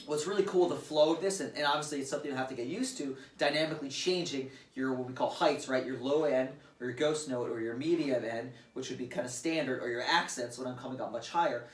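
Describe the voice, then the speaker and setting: A man's voice: mid-range voice, quick pace, few pauses. A man teaching drum grooves in a casual demo, counting beats aloud and explaining plainly at his kit. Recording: roomy and distant, loud drums behind. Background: loud drum playing.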